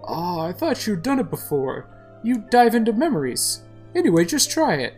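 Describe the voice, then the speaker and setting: A woman's voice: medium pitch, big pitch swings, moderate pace, a little mellow, faint music behind, pitched above the performer's own voice, lightly acted. A woman voicing a friendly, helpful male bear who cooks in a video game, upbeat and encouraging. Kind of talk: video game voice-over reading.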